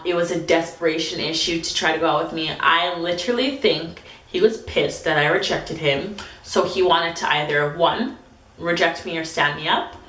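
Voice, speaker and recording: A woman in her twenties telling a storytime vlog, chatty and full of "like", reading texts aloud in quick bursts. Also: fairly low pitch, fairly bright tone, roomy sound. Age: 20s. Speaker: vlogger.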